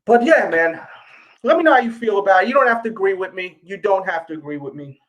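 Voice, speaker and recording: Man with a New York accent, a fairly high voice, casual livestream host who speaks straight to viewers and keeps repeating his points. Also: expressive, quick pace, a bit bright. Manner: talks straight to viewers, repeats himself, pleading. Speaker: sneaker channel host.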